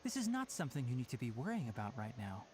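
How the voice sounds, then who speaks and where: Casting note: young male ranger mentor, gently stern, caring, lively intonation, game dialogue. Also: mid-range voice, quick pace, a little hiss or hum.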